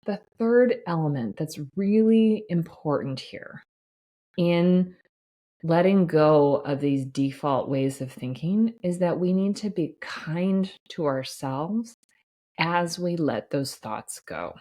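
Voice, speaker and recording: Low-voiced woman coaching on a podcast. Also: lively intonation, slow pace, warm tone. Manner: earnest and reassuring, with frequent "right?" asides and light laughs. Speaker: podcast host and life coach for physicians. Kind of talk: solo podcast monologue.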